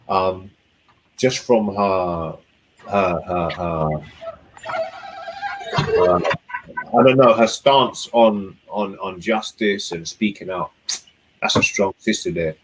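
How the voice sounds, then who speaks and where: A man's voice: fairly low pitch, slight background noise, rough recording. A young man chatting casually and laid-back, giving dating advice. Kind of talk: casual chat.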